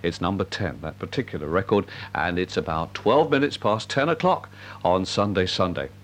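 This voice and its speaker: A man presents a local radio show in a genial, rambling way. His voice is on the low side but swoops about lively, and a faint hum runs under the studio microphone. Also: moderate pace.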